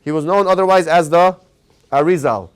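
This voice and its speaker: A man, a rabbi, tells a story in a Torah class and pauses to quiz his audience. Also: a little high, clean tone. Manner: animated storyteller who quizzes his audience.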